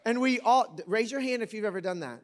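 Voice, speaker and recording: A middle-aged man preaching a sermon in a conversational, joking way, with sudden loud bursts. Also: high voice, expressive, fairly quick. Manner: conversational and joking, with big dynamic swings. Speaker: pastor.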